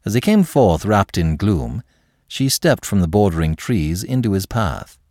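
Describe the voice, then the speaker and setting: Brief: male audiobook narrator, expressive storytelling, dry close mic. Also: deep voice, measured pace, no room sound. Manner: expressive, dramatic reading.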